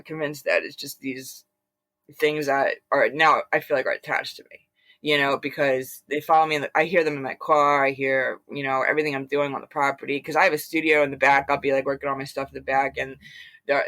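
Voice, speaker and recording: An animated woman from Philadelphia recounts events in a casual chat, her voice bright and forward. She stumbles through fillers and restarts and slips into quoted lines. The sound is close and dry. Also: sits low, fairly quick, dry recording. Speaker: guest. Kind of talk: casual storytelling.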